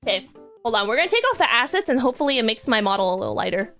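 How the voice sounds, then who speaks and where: Giggly high-voiced young woman streamer. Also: big pitch swings, rapid-fire, fairly bright tone. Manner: giggly, rambling, self-deprecating. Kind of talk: casual stream chat. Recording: faint music behind.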